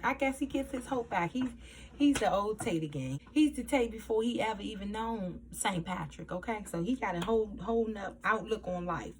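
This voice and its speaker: A woman's voice: medium pitch, moderate pace, slight background noise. A woman recapping a TV episode in casual chat, acting out the characters' lines as she goes. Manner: animated, acts out quoted lines in a raised voice. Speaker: TV episode reviewer.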